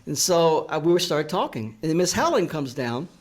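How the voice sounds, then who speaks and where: A man's voice: a little high, big pitch swings, normal speed. An older man from the American South, telling a personal story to an audience in a reflective, earnest and confessional way. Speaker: author. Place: library event room.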